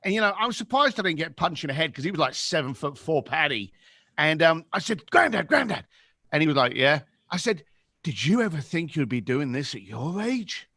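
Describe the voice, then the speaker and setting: A man in his fifties with a London accent, a podcast guest telling animated stories and acting out the voices in them. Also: on the high side, fairly quick, dry recording, studio quality. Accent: London English. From England. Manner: lively, acts out voices in anecdotes. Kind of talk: animated storytelling.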